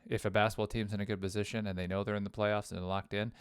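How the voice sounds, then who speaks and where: Man, low voice, smooth and resonant, dry close sound, emphatic podcast talk. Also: rapid-fire, no echo. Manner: animated, anecdotal, emphatic. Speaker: podcast co-host. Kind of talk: casual podcast analysis.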